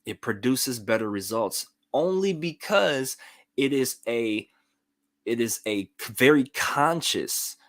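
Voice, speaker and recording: A man's voice: medium pitch, expressive, slow pace, fairly bright tone, dry recording, studio quality. A man hosting a live motivational talk, explaining earnestly and often checking in with "right?". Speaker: motivational show host.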